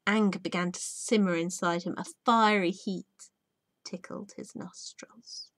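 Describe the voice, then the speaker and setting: A woman teacher reading a children's book aloud, soft and often hushed, at home. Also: fairly low pitch, steady tone, measured pace, no echo.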